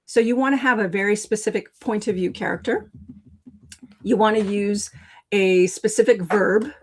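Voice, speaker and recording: A woman at a mid-range pitch, leading a live online writing lesson. She talks casually and keeps turning to viewers in the chat. The sound comes through a video call microphone. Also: moderate pace, low-quality recording. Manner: chatty, addresses viewers in the chat. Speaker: writing coach and live show host. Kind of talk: casual live-stream teaching.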